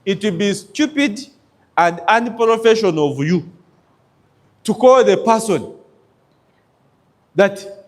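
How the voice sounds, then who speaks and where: A man's voice: high-pitched, expressive, takes it slowly, pauses often. A man giving a motivational business talk to an audience, emphatic and checking in with his listeners. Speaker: business coach.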